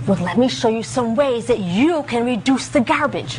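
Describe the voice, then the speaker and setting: A woman leading an interactive lesson for young children, with an animated sing-song teacher voice that swoops high when she praises them. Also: normal speed, hardly any pauses, background noise. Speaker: visiting presenter teaching children. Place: school room with children.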